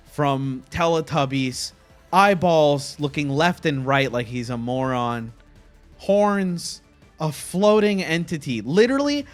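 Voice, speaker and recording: Young male streamer host, excitable and animated, higher than average, faint background music. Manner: excitable, laughing, animated reactions. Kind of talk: casual stream commentary.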